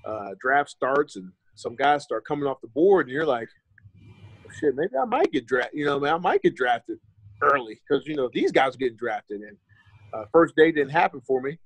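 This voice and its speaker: A man's voice: medium pitch, lively intonation, moderate pace, no room sound, rough recording. An American man in his thirties, a former pro running back, telling his story casually and candidly as a podcast guest, with some swearing and acted-out conversations. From United States. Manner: candid and loose, swears freely and acts out remembered conversations.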